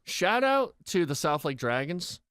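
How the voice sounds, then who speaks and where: A man's voice: on the high side, very animated, unhurried, fairly bright tone, smooth, dry recording. A young man co-hosting a podcast, chatting casually with playful, mock-grand repetition. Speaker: podcast co-host. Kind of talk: casual joking chat.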